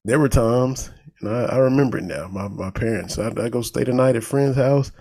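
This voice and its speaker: A man's voice: mid-range voice, normal speed. A man from Eastern Kentucky with a country accent, giving casual, folksy sports commentary as a talk host. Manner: folksy, animated, laughs at his own jokes.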